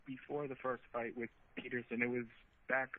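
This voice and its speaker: A man calls in to a talk radio show, speaking haltingly with many ums. His voice comes through a narrow, tinny phone line. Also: mid-range voice, flat delivery. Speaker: caller.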